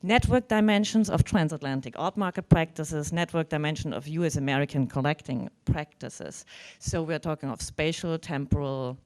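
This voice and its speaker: A woman presents at a conference. Her voice sits fairly low, and her talk is thoughtful and hedged, full of "sort of" and restarted sentences. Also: normal speed, a little mellow. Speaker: professor giving a conference talk.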